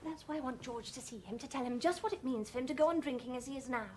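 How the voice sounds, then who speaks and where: An actress playing an earnest, determined young woman in a period television drama, brisk and insistent. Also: high-pitched, a little hiss or hum, natural voice.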